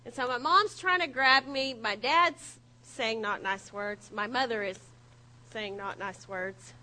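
A woman preaching a humorous sermon, telling stories in an animated, self-mocking way. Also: a little high, unhurried, low-quality recording.

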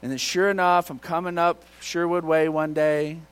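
A man preaching a sermon in church, telling folksy stories and now and then shouting out a line. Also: fairly high pitch, little pitch movement, normal speed, clear, resonant tone. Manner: folksy storytelling with bursts of shouting. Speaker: pastor.

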